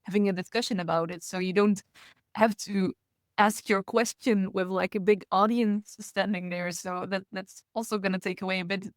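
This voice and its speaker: A woman co-hosts a podcast in casual chat, talkative and laughing often. Her mid-range voice is steady and moderately paced, captured in a dry, studio-quality recording.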